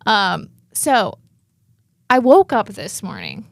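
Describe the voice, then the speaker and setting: A woman's voice: mid-range voice, huge pitch swings, slow, vocal fry, no echo. A young woman co-hosting a morning TV show in a studio, chatting in an upbeat, filler-heavy way. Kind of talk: casual chat.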